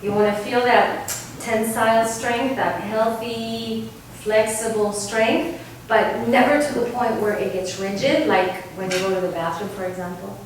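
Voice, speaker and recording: A woman vocal coach from Argentina leads a singing workshop, teaching in a lively way and often checking in with "right?". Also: fairly high pitch, moderate pace, a little hiss or hum. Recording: distant mic in a very echoey room.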